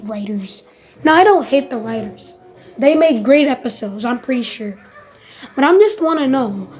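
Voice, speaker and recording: Casual reviewer, woman, high-pitched, exasperated rant, dull lo-fi mic. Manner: exasperated, ranting, emphatic; swears casually. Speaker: TV episode reviewer. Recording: dull lo-fi recording.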